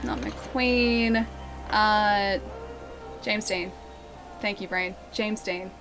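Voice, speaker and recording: A woman's voice: mid-range voice, fairly even intonation, drawn-out words, music in the background. A young woman livestreaming a game, chatting casually and giggling as she reads her chat aloud. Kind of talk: casual live-stream chat.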